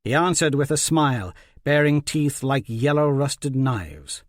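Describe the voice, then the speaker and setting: A man narrating a fantasy audiobook in a measured, even way. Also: medium pitch, no echo, clean studio sound.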